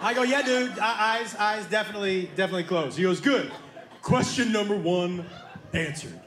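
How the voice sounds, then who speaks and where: A man doing stand-up comedy, telling an animated story and playing both sides of the dialogue. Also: sits high, moderate pace. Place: comedy club stage with live audience. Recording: live club room echo with crowd laughter.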